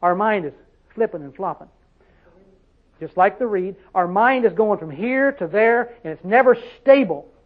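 High-voiced preacher, tinny sound. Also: male voice, animated, moderate pace. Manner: folksy, rhetorical questions, dialect grammar. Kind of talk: sermon. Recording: tinny phone-like audio.

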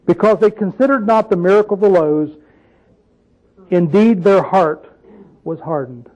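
High-voiced man teaching the Bible. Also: normal speed, mellow, highs cut off. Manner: conversational, asks the audience questions, tells folksy asides. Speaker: preacher.

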